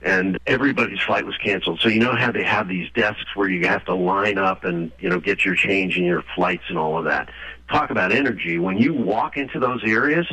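A man being interviewed, talking in a lively storytelling way and acting out the voices he quotes. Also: low-pitched, brisk, creaky. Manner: animated, acts out quoted voices. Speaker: guest author. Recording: dull lo-fi radio audio.

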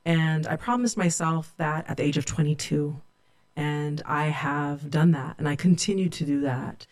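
A woman's voice: low voice, moderate pace, darkish tone. A middle-aged woman from California, a sociology professor, telling her own story in a reflective, candid way. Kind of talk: personal storytelling.

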